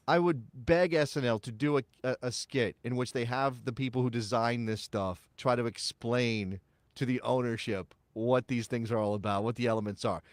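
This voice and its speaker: Male co-host, animated and teasing, dry close sound. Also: mid-range voice, no room sound. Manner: animated and mocking, laughs often, many restarts. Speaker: podcast co-host. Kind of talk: casual sports chat.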